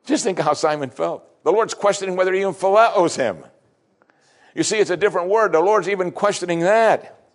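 Expressive male preacher delivering a sermon. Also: a little fast. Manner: expressive preaching, acting out scripture dialogue with sweeping pitch shifts. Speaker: pastor.

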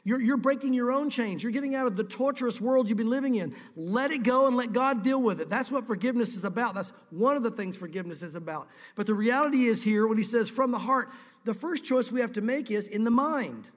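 A man's voice: very high voice, fairly quick, big-room sound. A male pastor preaching a sermon, earnest, dramatizing the scripture he reads.

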